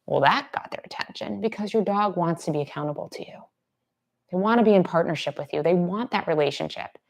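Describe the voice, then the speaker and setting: A woman with a notably low voice explains dog training in a relaxed, chatty way during a live Q&A. Now and then she softens almost to a whisper to model gentle praise. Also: fairly quick, gravelly. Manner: conversational, drops to soft near-whispers to demonstrate praise. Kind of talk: casual live Q&A teaching.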